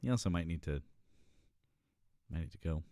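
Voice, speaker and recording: A man's voice: very deep voice, lively intonation, normal speed, warm tone, no room sound. A man hosting a casual livestream chat, joking in a dry, easygoing way. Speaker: host.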